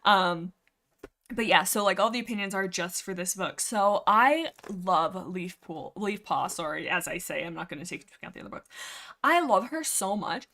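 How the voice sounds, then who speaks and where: A woman hosting a casual book discussion livestream, rambling excitably into a headset mic and packing her talk with fillers. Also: medium pitch, normal speed. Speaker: livestream host.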